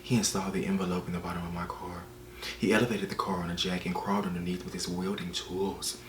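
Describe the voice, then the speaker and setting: Sultry breathy female narrator, mimicked by a man, near-whisper, faint hum behind. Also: sits low, flat delivery, quick pace, echoey room, pitched below the performer's own voice, close to an everyday voice.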